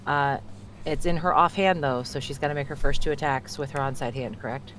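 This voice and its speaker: A man's voice: medium pitch, fairly even intonation, fairly quick, a bit bright, slight background noise. A man playing a tabletop game, chatty and apologetic, double-checking the rules as he rolls. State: clearing throat, choking on mucus. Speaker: player. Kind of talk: casual tabletop play.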